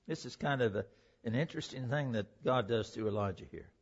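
A male pastor preaching a sermon, reading scripture aloud and explaining it with animated emphasis. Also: mid-range voice, brisk, slightly rough, highs cut off.

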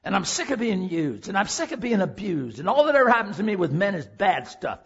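A man voicing a desperate sixteen-year-old schoolgirl, her anguished words climbing higher and louder. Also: sing-song, brisk, husky, dull audio, heavily acted.

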